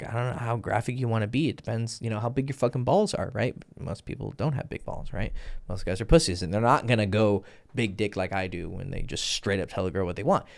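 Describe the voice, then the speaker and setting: A dating coach with a low, creaky voice gives casual instructional dating advice in a blunt, profane way, often playing out both sides of a conversation.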